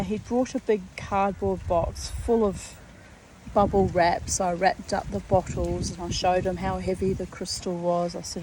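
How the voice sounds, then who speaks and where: A woman's voice: mid-range voice, dark tone, slight background noise, rough recording. A woman in her fifties from New Zealand, talking to camera in a blunt, chatty, rambling way, with the odd swear word. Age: 50s. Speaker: vlogger. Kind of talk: casual rambling monologue. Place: garden outdoors.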